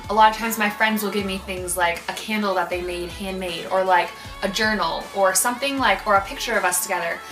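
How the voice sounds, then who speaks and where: Bright young woman, encouraging advice. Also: mid-range voice, echoey room. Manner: warm, encouraging, with fillers like "um" and "like". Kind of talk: casual advice talk to camera.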